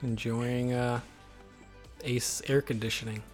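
A man co-hosting a gaming podcast, laid-back and quiet with quick quips. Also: medium pitch, little pitch movement, faint music behind. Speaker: podcast co-host. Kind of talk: casual podcast chat.

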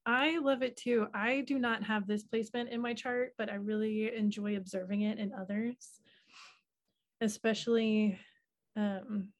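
A calm woman speaking in a steady, fairly flat tone, affirming and thoughtful in casual conversation. Her pitch is medium for a woman. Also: measured pace. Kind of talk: casual chat.

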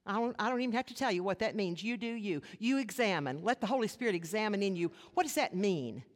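A woman pastor delivering a sermon, earnest, with rhetorical questions and dramatic pauses. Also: mid-range voice, animated. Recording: long hall reverb.

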